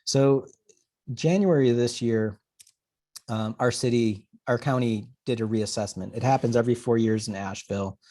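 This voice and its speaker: A man presents a webcast with a mellow, warm tone. He tells animated, data-filled stories and acts out the people he quotes. His delivery is casual and engaging. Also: medium pitch, moderate pace. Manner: animated storyteller who acts out conversations. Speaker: urban planner giving a talk.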